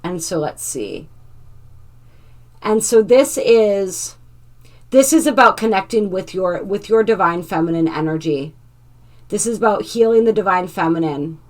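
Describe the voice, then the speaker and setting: A woman hosting a spiritual oracle card reading, gently reading card text aloud and adding asides to her viewers. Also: medium pitch, animated, unhurried, pauses often.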